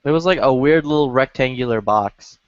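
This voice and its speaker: A man's voice: medium pitch, a little fast, no echo, lo-fi sound. A man telling a long, rambling, profane story in casual online voice chat, full of filler words. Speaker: lobby chat regular.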